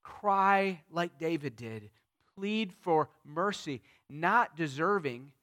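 High-voiced man preaching slowly. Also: lively intonation. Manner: impassioned preaching that swells loud on key phrases and drops soft after; paraphrases scripture in the first person. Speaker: pastor. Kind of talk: sermon.

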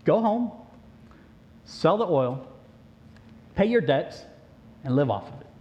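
A man voicing a calm old male prophet in a sermon story, firm and matter-of-fact, on a dull lo-fi recording. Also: a little high, slow, voice pushed down. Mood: instructive.

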